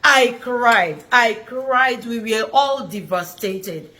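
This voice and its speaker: High, bright earnest woman storyteller. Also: lively intonation, slow pace. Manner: earnest, emphatic, repeats phrases for stress. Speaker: vlogger. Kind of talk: personal storytelling to camera.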